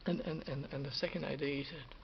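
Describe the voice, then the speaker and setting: A man's voice: fairly high pitch, steady tone, quick pace, creaky, slight background noise. A man of about fifty, telling a rambling personal story with restarts and sudden drops into a whisper. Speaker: vlogger recalling film work. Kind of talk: casual anecdotal monologue. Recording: dull lo-fi recording.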